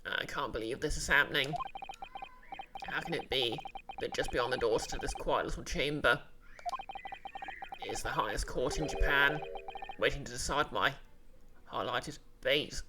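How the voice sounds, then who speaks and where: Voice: mid-range voice, a little slow, background noise, lightly acted. A streamer voicing a nervous young male defendant from a game, reading his inner monologue in an earnest, wondering way. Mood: anxious. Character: anxious young male defendant awaiting trial. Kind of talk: reading game dialogue aloud.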